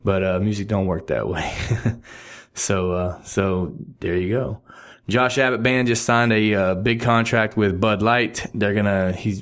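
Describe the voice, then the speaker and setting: A middle-aged man with a somewhat low voice runs a casual music news chat. He rambles, stumbles over his words and fixes them with easygoing jokes as he goes. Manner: rambling, self-correcting, jokey asides. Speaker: podcast host.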